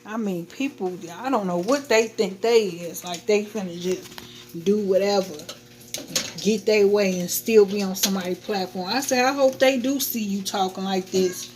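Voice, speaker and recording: A woman's voice: medium pitch, normal speed, noisy background. Woman, livestream host, blunt, heated, casual chat. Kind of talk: casual venting chat to viewers.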